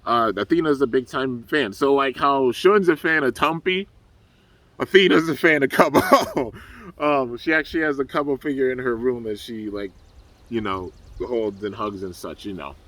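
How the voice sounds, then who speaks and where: A man's voice: medium pitch, expressive, moderate pace, a bit bright, recorded from a distance. A young man casually recapping a cartoon episode for his channel, rambling with lots of fillers. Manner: laid-back, rambling, full of fillers. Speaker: YouTube reviewer.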